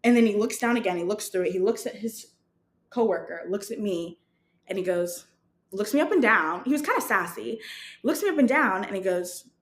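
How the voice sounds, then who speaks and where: A young woman telling a story on her podcast in a chatty, animated way, poking fun at herself and laughing as she goes. Her voice sits at a medium pitch. The room gives it a noticeable echo. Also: moderate pace. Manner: chatty, animated, self-mocking, laughs often. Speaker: podcast host. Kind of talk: casual storytelling monologue. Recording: roomy echo.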